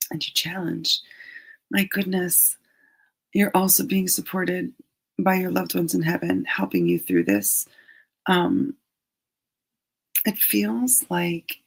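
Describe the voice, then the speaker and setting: A middle-aged woman leads a live-streamed card reading at an unhurried pace. Her voice is gravelly and slightly husky, and she talks in a chatty, gently reassuring way. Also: fairly low pitch, animated, low-quality recording. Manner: chatty and gently reassuring, drops into soft asides. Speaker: angel card reader hosting a live stream.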